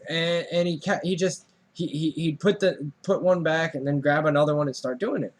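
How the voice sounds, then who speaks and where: Young male co-host, slightly high voice, loose profane storyteller. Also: moderate pace. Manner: animated storyteller, swears, voice jumps up when reenacting. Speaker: podcast co-host. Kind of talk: casual storytelling chat.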